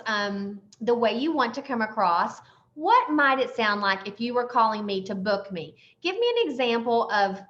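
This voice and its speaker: A woman's voice: fairly high pitch, a bit bright. A woman hosting a casual group chat, playfully prompting guests with questions. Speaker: host. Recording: dull, lo-fi sound.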